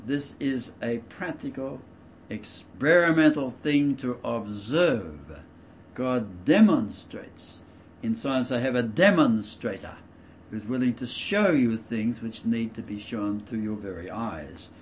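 A man preaching a verse-by-verse sermon. He stresses key words loudly, drops into quiet asides, and explains with everyday examples. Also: mid-range voice, lively intonation, takes it slowly, a little hiss or hum. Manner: emphatic, swings between loud stresses and quiet asides. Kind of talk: expository sermon.

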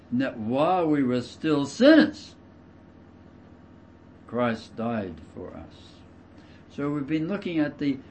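A male preacher delivers an expository sermon in a mid-range voice that leaps and dips expressively. He hits important words with force, then falls to a quieter, explaining tone. Everyday comparisons keep the teaching grounded. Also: medium pitch, a little hiss or hum. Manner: emphatic, swings between loud stresses and quiet asides; explains verses with everyday examples.

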